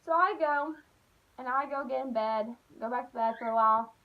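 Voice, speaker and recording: A young woman telling a childhood story on her vlog, animated and full of "like", acting out the voices. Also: sits high, a little fast. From Appalachian United States. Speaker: vlogger. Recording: dull lo-fi recording.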